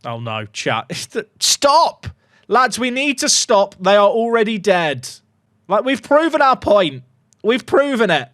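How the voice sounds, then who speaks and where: Excitable man commentating a game. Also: high voice, a little slow, no echo, studio quality. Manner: excitable, jokey, reacts loudly to goals. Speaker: gaming YouTuber.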